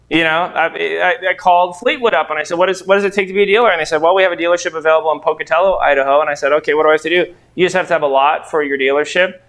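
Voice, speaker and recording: Casually telling stories to a training group, this middle-aged man, who invests in real estate and trains others, wanders through anecdotes full of quoted exchanges. His voice sits high and comes across a bit bright.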